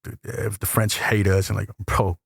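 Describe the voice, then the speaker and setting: A man's voice: fairly low pitch, moderate pace, vocal fry, husky, dry recording, studio quality. A man who is a tattoo artist, talking casually and animatedly in slang as he tells a story in an interview. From El Salvador. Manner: slangy, animated, acts out voices in quotes.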